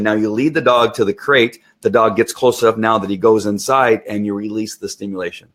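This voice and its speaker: A middle-aged man who trains dogs, giving an instructional talk in an animated way and acting out what the dog is thinking. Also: on the low side, fast, hardly any pauses. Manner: animated, acts out the dog's thoughts.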